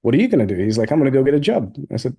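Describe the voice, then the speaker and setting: A man being interviewed as a guest entrepreneur, telling stories in an animated way and acting out both sides of past conversations. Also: medium pitch, racing, husky. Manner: animated storyteller, acts out both sides of dialogues. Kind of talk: storytelling in an interview.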